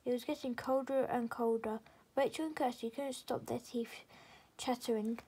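A woman reading a children's chapter book aloud as storyteller, steady with small slips. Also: a little high, moderate pace, slightly rough, poor audio.

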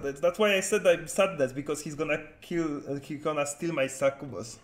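A man's voice: fairly high pitch, normal speed, few pauses. A man commenting on a card game as he plays live, chatting with his viewers in a loose way. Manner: chatty, answers viewer chat while playing. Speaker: streamer. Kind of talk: live-stream gameplay commentary. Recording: roomy echo.

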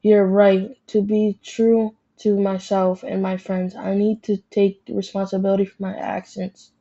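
A woman's voice: medium pitch, little pitch movement, unhurried, dark tone, dull audio. A woman voicing a young male fox cub in a storybook, earnest and tearful as he pleads. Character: young male fox, fibbing then remorseful.

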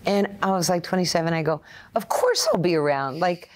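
A woman's voice: lowish voice, brisk. Older New woman telling stories. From Brooklyn, New York. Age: 60s. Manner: animated storyteller acting out quoted voices. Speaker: interview guest, former player and coach. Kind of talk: conversational storytelling.

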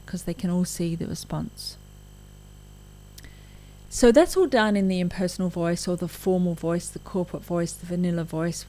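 Female lecturer, lowish mellow voice, frank and chatty delivery. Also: rough recording. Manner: frank, conversational, with asides. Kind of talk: recorded lecture.

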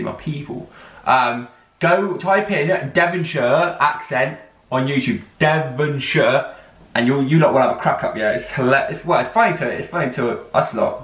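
A man's voice: on the high side, a bit bright. A young man hosting a reaction video, talking in a rambling, slangy, upbeat way. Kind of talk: casual reaction vlog chat. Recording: roomy, distant mic.

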